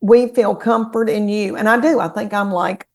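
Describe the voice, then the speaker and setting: A woman's mid-range voice moves at a moderate pace, carrying a Southern American accent. As a guest comedian in a laid-back podcast chat, she tells folksy stories in an animated, storytelling way.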